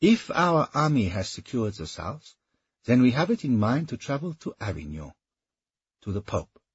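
A man's voice: medium pitch, very animated, moderate pace, slightly rough, dry recording, dull audio, voice pushed up. A man voicing an impatient, capricious medieval king who speaks imperiously in an audiobook. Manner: imperious and petulant.

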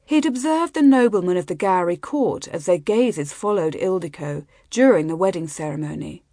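A woman reading a fantasy novel aloud as an audiobook narrator in an even, measured way on a close mic. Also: fairly low pitch, no echo. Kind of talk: scripted narration.

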